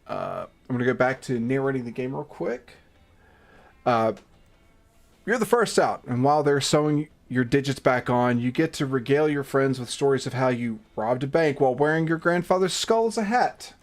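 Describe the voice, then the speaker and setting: A man's voice: medium pitch, lively intonation, moderate pace. A man hosting a gaming livestream, reading game text aloud between profane, self-mocking banter and exasperated outbursts.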